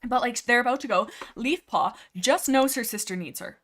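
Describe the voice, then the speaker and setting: A woman hosting a casual book discussion livestream, rambling excitably into a headset mic and packing her talk with fillers. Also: fairly high pitch, normal speed, slight background noise. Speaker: livestream host.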